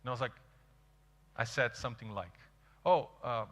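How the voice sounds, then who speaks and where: A man's voice: medium pitch, brisk. Portuguese man telling stories onstage. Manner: animated, acts out quoted dialogue. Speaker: speaker. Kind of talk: storytelling keynote talk. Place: large event hall. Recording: reverberant hall.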